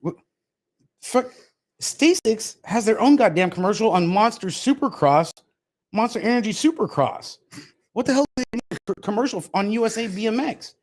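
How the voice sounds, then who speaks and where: A man's voice: sits high, expressive, moderate pace. A man hosting a podcast, ranting in a heated, profane, casual way. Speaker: podcast host. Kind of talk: casual chat.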